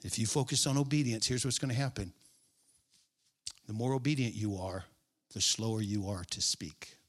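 Now and then lowering to a hushed aside, a male pastor preaches with emphatic repetition of key phrases that he draws out. His voice is on the low side, and he keeps a moderate pace.

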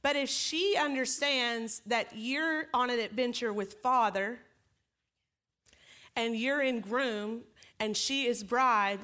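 Brief: woman pastor with a bright, highish voice, preaching casually with self-deprecating humor. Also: slow pace. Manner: lively, joking, self-deprecating storytelling. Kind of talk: conversational sermon.

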